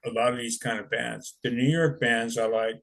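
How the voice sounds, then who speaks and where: A man's voice: medium pitch, steady tone, moderate pace, vocal fry, fairly bright tone. A man in his sixties telling stories in a rambling, laid-back way, swearing often. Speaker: interviewee, punk musician. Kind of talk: casual storytelling.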